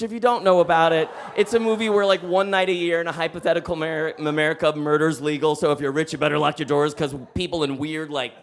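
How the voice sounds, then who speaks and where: A man telling a personal story on stage, animated, acting out the people in it. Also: fairly high pitch. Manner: animated, acts out quotes. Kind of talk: live storytelling.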